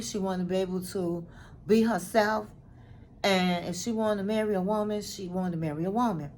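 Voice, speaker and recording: Host voice: a woman, casual and animated, acts out quotes, says "honey". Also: medium pitch, a little hiss or hum. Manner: animated, dramatic retelling with acted-out quotes; chatty, says "honey" and "girl". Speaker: recap vlogger. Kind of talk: casual reality-show recap.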